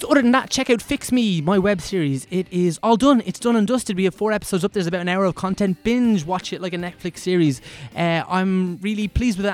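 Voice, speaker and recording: A man in his twenties, hosting a podcast in a soft-spoken, earnest and effusive way. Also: sits high. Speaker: podcast host. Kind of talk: casual podcast chat.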